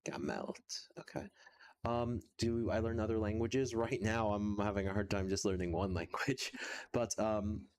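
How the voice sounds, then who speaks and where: A man's voice: fairly low pitch, a little slow, a little mellow. A man streaming casually while practicing a language, talking hesitantly with many fillers and frequent chuckles.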